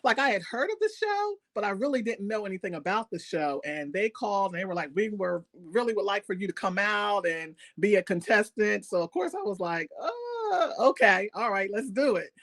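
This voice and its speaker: A woman chef as an interview guest, telling stories in a lively, animated way and laughing often. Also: mid-range voice, a little fast, hardly any pauses. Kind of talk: casual interview storytelling.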